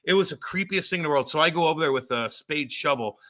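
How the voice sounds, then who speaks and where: A man's voice: a little high, fast talker, pushed and bright. A man co-hosting a podcast, telling stories in a blunt, profane, casual way. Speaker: podcast co-host. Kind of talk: casual chat.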